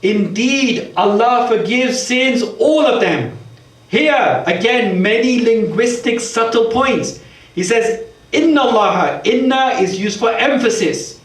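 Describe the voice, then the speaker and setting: Man, high-pitched, earnest sermon explaining verses, heavy hall echo. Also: expressive, slow pace. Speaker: preacher. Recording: echoey hall recording from far off.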